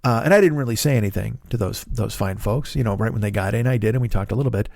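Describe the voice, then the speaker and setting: Middle-aged male comedian, gravelly, profane, rambling self-deprecating monologue. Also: on the low side, quick pace, darkish tone, no room sound, studio quality. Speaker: comedian and podcast host.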